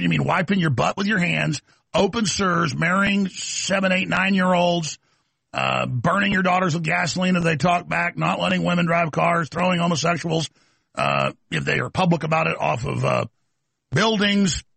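Man, talk show host, combative rant, fairly high voice, dry close sound. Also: expressive, normal speed, creaky, bright, forceful tone, slightly rough, dry recording. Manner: aggressive, ranting, mocking.

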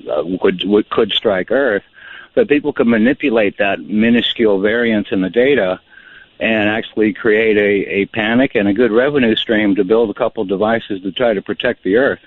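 A man's voice: fairly low pitch, dry recording. A man from California calling a radio show, rambling and hesitant with many fillers. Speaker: caller. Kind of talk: call-in radio. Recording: dry, tinny phone line.

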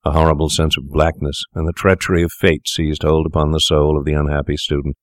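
A man narrating a story aloud in a measured, deliberate storytelling manner. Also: a bass voice, little pitch movement, no echo, studio quality. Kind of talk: scripted narration.

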